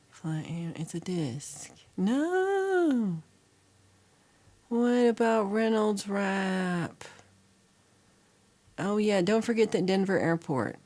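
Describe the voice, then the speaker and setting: A woman hosting a livestream, chatting casually and teasingly with her viewers. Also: lowish voice. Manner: playful, teasing, drawn-out delivery. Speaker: livestream host. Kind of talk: casual chat with live viewers. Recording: music playing behind.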